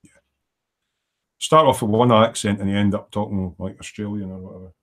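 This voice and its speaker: Middle-aged guy rambling away at his workbench on a livestream, bit of a lowish voice, chatty. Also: fairly even intonation, fast, fairly bright tone. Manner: chatty, rambling, reads out viewer comments. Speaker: livestream host. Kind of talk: casual chat while working. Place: home workshop.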